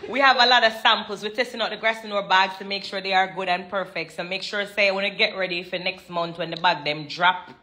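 A Jamaican woman hosting a casual live stream on her phone, playful and loud, laughing often. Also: mid-range voice, steady tone, fairly quick, few pauses, a little hiss or hum.

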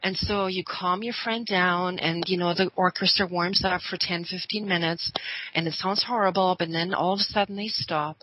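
A woman's voice: on the low side, steady tone, moderate pace, bright, forceful tone, dry recording, rough recording. A woman who is a guest on a radio talk show, telling a personal story in an earnest, heartfelt way.

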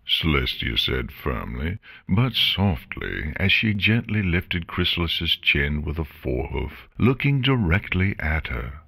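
A man narrating a fan audiobook with expressive, dramatic storytelling. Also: a bass voice, measured pace, gravelly, hardly any pauses, husky.

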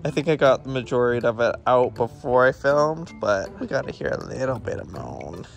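Playful man cooing at puppies, lively pitch. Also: brisk, creaky, faint music behind. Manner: playful, coos baby talk at the dogs. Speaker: vlogger host. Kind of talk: casual vlog chat with pets. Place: home, by a pool. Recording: noisy background with dog sounds. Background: dogs and puppies.

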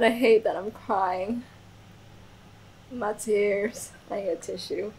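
A woman's voice: mid-range voice, fairly even intonation, slow, darkish tone, slight background noise, poor audio. A young woman doing let's play commentary, swearing and talking emotionally to the characters on screen. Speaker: gaming YouTuber. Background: faint game music.

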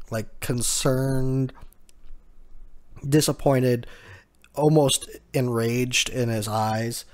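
A man's voice: mid-range voice, a little mellow. A man hosting a casual manga chapter recap, talking in a hesitant way with many fillers while he reads out quotes. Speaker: manga chapter reaction host.

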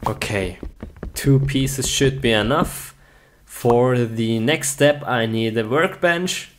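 A man's voice: medium pitch, takes it slowly, slight background noise, lightly acted. A man voicing a cheerful, reckless young hero in a cartoon, playful and giggly.

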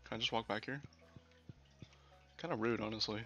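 A man's voice: on the low side, brisk, pushed and bright. A man streaming a let's play, chatting and joking with his chat and swearing casually. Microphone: older desk mic. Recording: dull lo-fi mic. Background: faint game music.

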